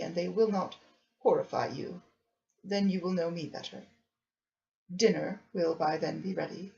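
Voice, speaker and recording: Woman voicing a grave, gentle Victorian doctor, slightly lowered voice, earnest, dull lo-fi audiobook sound. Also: gravelly. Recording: dull lo-fi recording.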